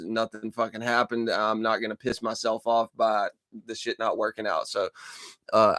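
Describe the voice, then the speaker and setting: A channel host with a fairly low voice rambles profanely through his casual dream-journal vlog, full of fillers and restarts, speaking into a desk mic at his computer in a dark room. The audio is dry and studio-clean.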